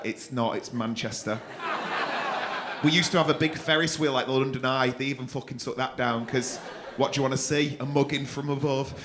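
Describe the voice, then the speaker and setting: A man with a fairly high, pushed and bright voice teases audience members during stand-up crowd work, cheeky and swearing. He's on a comedy club stage, the crowd laughing around him.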